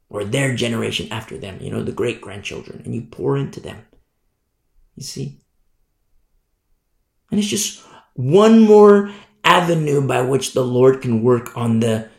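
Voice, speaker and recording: A man preaching a sermon in an emphatic, indignant manner, often pausing to ask "you see?". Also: medium pitch, vocal fry, a little mellow, reverberant.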